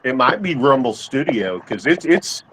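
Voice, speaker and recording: A man's voice: medium pitch, big pitch swings, normal speed, background noise. A man in a casual group chat over a call, easygoing and a bit hesitant.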